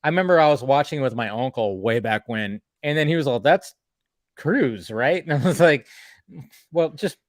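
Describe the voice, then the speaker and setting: A man hosting a casual film chat stream, excitable, laughing and swearing freely. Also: medium pitch, moderate pace, dry recording, clean studio sound. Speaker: stream host.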